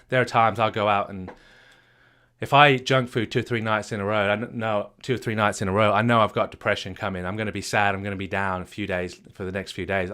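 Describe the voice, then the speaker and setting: A man working as a marriage coach, giving an emphatic retreat workshop talk that repeats key phrases and asks rhetorical questions. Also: a bit bright. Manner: acts out low and upbeat voices to make points.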